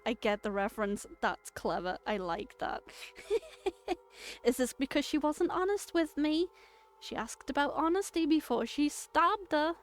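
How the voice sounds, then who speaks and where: A woman streaming, reading a story game aloud and reacting with jokes and loud outbursts. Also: sits high, unhurried. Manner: animated, joking, bursts into loud outbursts and laughter.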